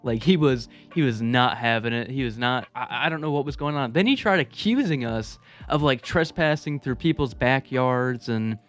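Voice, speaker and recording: A man's voice: mid-range voice, normal speed, hardly any pauses, fairly bright tone, soft background music. A man telling a personal story to his viewers in a casual, laid-back, profane way, with chuckling asides. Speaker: storytelling vlogger.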